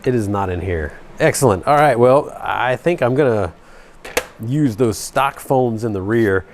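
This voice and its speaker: A man's voice: mid-range voice, expressive, measured pace, slight background noise. A man from Georgia hosting a hobby channel, chatting casually and joking at his own expense while he tinkers at a workbench. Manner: joking, self-deprecating, talks while tinkering. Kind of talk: casual workshop chat.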